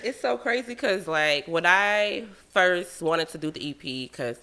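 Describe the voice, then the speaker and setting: A young woman from Savannah, an artist guest in a casual interview, expressive and laughing often. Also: lowish voice, a little slow. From Savannah, Georgia, USA. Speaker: guest, musician.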